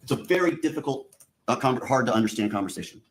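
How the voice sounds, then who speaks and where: A prosecutor addresses a jury in a courtroom, a man of ordinary pitch laying out the evidence piece by piece. He keeps turning back to the jurors, telling them what they are going to see and hear, in a steady, methodical delivery. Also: fast. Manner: addresses the jury directly, repeating "you're gonna". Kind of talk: courtroom opening statement.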